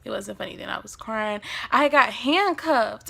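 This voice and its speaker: A young woman tells a personal story for her vlog, animated and dramatic, swinging between loud bursts and hushed asides. Her voice is bright and sharp with a gravelly edge. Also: on the high side, moderate pace, few pauses. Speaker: vlogger.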